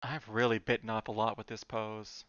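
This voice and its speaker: A man's voice: on the low side, level tone, normal speed, fairly bright tone, no echo, muffled recording. A man streaming as he draws, chatting casually with lots of fillers and muttered asides. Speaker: streamer drawing live. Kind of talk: casual rambling stream chat.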